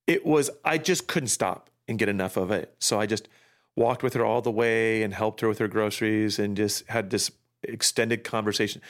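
A man's voice: lowish voice, normal speed. A man co-hosting a faith podcast, chatting casually and telling anecdotes in a self-deprecating way. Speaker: podcast co-host.

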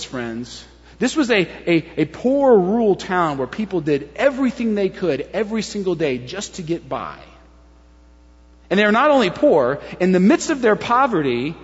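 A man's voice: sits high, big-room sound, highs cut off. A man preaching a sermon in a church, talking conversationally with the congregation and acting out the voices of the crowd. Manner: animated, acts out crowd voices, conversational asides. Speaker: pastor.

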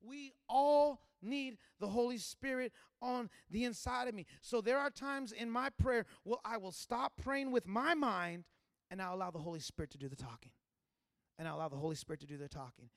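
A man preaching a sermon as a pastor, moving from chatty asides to loud, fervent passages. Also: high voice, brisk, dry recording, studio quality.

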